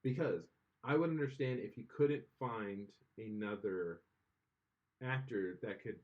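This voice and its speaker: A man's voice: on the low side, unhurried, phone-quality sound. A man co-hosting a casual podcast chat, rambling and opinionated, full of restarts. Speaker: podcast co-host.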